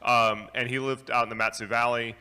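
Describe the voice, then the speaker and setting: A man telling a comic story on stage, animated and self-mocking, acting out the dialogue. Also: medium pitch, a little fast, smooth. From rural New York. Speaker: conference speaker. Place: large hotel ballroom. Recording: live hall with long reverb.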